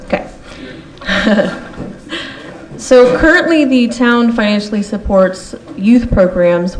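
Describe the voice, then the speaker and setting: A woman's voice: mid-range voice, background noise. Woman moderating a public forum.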